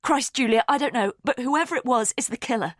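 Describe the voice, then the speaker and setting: A woman's voice: a little high, brisk, dry recording, studio quality, voice pushed up, lightly acted. A woman reading an audiobook, voicing a panicked young woman who talks breathlessly and urgently.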